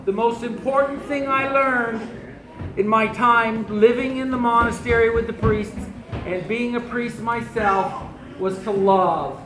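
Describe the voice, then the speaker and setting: A woman telling a story live in the first person and in character, animated and playful, voicing the other people in her tale. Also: a little high, unhurried, background noise. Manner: animated, playful, with voiced-out dialogue. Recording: echoey room with a live audience.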